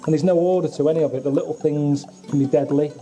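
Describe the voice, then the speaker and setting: A man with a voice pitched a little high grumbles his way through a glum, deadpan travel monologue. He sounds weary and hard done by. Music plays clearly behind him. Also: quick pace. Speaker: travelling presenter. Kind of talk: documentary monologue and chat.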